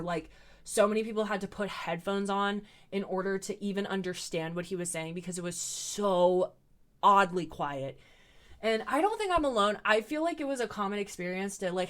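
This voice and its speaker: A young woman recording a casual commentary video at home, talking with sarcastic asides, her voice a little tired. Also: medium pitch. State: voice getting tired. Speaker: commentary YouTuber. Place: at home in front of a camera.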